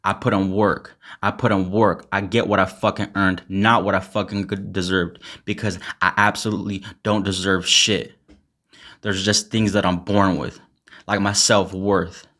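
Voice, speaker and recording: A man's voice: sits low, level tone, normal speed, sharp tone. A young man rapping an intense, angry a cappella freestyle full of swearing, then chatting casually to his viewers. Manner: intense and angry in the verse, chatty and laughing in the outro; swears heavily. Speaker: rapper and poet.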